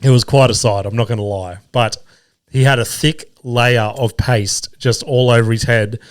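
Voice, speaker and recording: A man's voice: mid-range voice, steady tone, normal speed, no echo. A man hosting his own podcast, telling home and comedy stories in a casual, sweary way and laughing at himself. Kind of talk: casual solo podcast storytelling.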